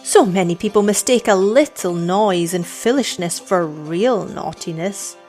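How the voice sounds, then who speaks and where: A haughty young village girl, as a woman reads her, scornful and measured, with a lively rise and fall in her lines. She talks down with calm superiority in a storybook reading. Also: fairly low pitch, faint music behind.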